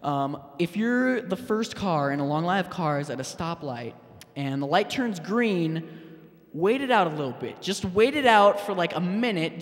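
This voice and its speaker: A man doing a stand-up set, halting and deadpan, with fillers and restarts. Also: high-pitched. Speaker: stand-up comedian. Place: public access TV studio stage. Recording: long hall reverb.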